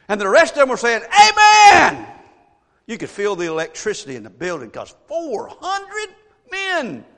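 Animated gravelly preacher in an echoey hall. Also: male voice, sits high, moderate pace. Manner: animated storytelling, rhetorical questions to the congregation. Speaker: pastor. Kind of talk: sermon.

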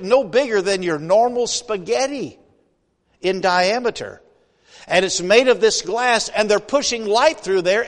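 A man preaching a sermon as a guest preacher in a church. He speaks in a folksy way, asks the congregation many questions, and builds to emphatic points. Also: high voice. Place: church sanctuary. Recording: long reverb of a large hall.

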